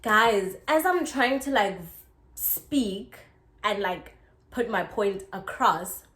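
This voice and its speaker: A young South African woman telling a casual story, chatty and expressive, full of "like" fillers. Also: mid-range voice, slow. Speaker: YouTuber. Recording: echoey room.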